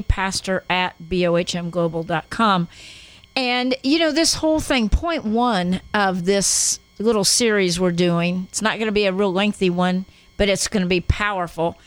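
A woman's voice: medium pitch, normal speed, clean tone, no echo, poor audio. A woman hosting a Christian radio show as a pastor, talking in an enthusiastic, encouraging way. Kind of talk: casual Christian radio talk.

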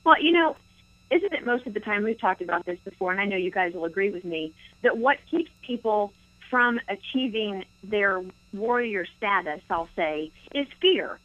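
A woman co-host speaking earnestly and quickly about faith in a Christian talk discussion. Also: mid-range voice, animated, no echo, highs cut off.

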